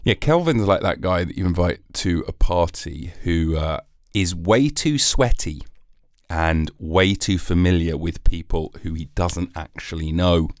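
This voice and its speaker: A man hosting a rambling solo comedy podcast, jokey and animated, slipping into silly voices. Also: sits low, unhurried, no room sound, studio quality. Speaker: podcast host.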